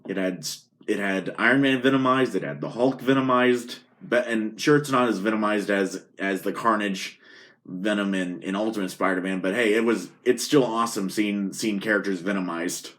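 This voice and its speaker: A man's voice: fairly low pitch, moderate pace, a bit bright, rough recording. A man talking on his own in a casual vlog, rambling from point to point with frequent halts and restarts. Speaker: vlogger. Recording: noticeable background noise.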